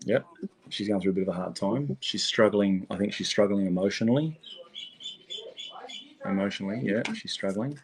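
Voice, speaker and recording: A man's voice: fairly low pitch, moderate pace, long pauses, a little hiss or hum. A man giving a casual psychic tarot reading, rambling and repeating himself, swearing freely.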